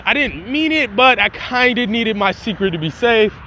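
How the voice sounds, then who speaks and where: A man's voice: high-pitched, animated, moderate pace, pushed and bright, slight background noise. A man playing a sly young antihero's message. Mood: offhand. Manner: casual, rambling, slyly threatening. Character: secretive young male antihero in a hologram message.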